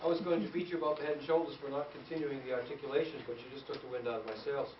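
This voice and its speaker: A man working as a guest conductor at a school band rehearsal, animated and playful, quizzing the students. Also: medium pitch, racing. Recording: distant, echoey, dull room recording with hiss.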